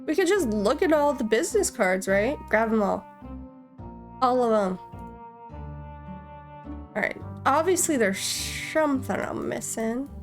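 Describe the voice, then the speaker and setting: A woman's voice: fairly high pitch, animated, unhurried, pauses often, soft background music. A woman hosting a gaming channel, casually commenting and thinking aloud while playing. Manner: chatty, thinks aloud, jokey.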